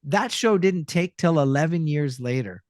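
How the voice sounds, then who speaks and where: A middle-aged man from Canada tells stories from his career in a loose, conversational way. He keeps slipping into quick impressions of the people he quotes. His voice sits fairly high for a man and is recorded dry and close, with no room sound. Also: no room sound. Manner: animated storyteller who acts out voices and quotes. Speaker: guest voice actor. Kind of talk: casual storytelling interview.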